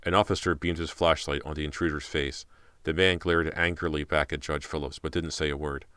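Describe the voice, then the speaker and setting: A male audiobook narrator reads a thriller in a tense, dramatic way. His voice is exceptionally deep, and the recording is dry and close to the mic. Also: fairly even intonation, a little fast, bright, forceful tone, clean tone, dry recording. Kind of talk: scripted narration.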